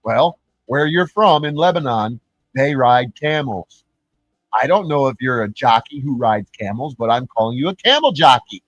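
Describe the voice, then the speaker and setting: A man's voice: mid-range voice, animated, normal speed, fairly bright tone, no room sound, faint music behind, low-quality recording. A man ranting on his own channel, profane and taunting, mocking the people he calls out. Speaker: YouTuber. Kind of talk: angry ranting vlog.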